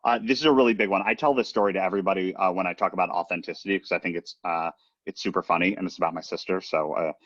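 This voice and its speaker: A man's voice: low voice, fairly even intonation, racing, fairly bright tone, dry recording, dull audio. A man giving a casual training talk on recruiting, chatty and often checking in with the listener. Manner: chatty, leans on "right?" and "um" as he talks. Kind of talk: casual presentation.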